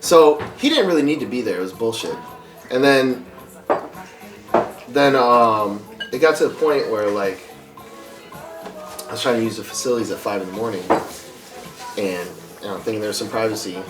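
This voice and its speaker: A podcast guest spins a long, profane story in casual conversation, acting out the voices of the people he quotes. His voice is lowish, his speed normal, and he pauses often. He's far from the mic in a roomy space, with loud music playing behind him.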